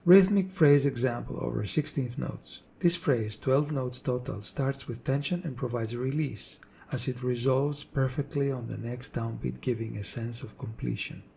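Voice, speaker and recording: A man narrating a scripted drum tutorial in a measured, explanatory way. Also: mid-range voice, gravelly, dark tone, a little hiss or hum. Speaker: drum teacher.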